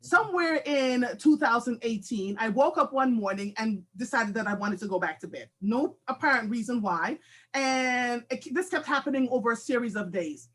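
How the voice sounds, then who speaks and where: Candid, animated woman talk host. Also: fairly high pitch, normal speed. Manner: candid, animated storytelling with laughs. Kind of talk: live talk show monologue.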